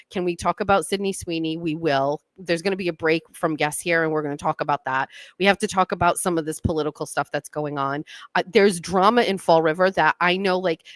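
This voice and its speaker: A woman's voice: on the low side, fairly bright tone, no echo. A woman hosting a talk show, chatting in a rambling, self-deprecating way. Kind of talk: casual monologue.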